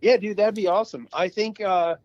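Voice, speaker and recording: A man's voice: sits high, fairly even intonation, fairly quick, darkish tone, muffled recording. A man co-hosting a podcast, swapping stories in casual chat and swearing now and then. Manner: swearing, storytelling. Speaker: podcast co-host.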